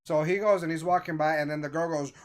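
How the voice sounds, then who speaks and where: A man casually telling a story to friends, acting out the voices of the people in it with animated energy. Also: on the high side, fast. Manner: animated, acts out quoted voices.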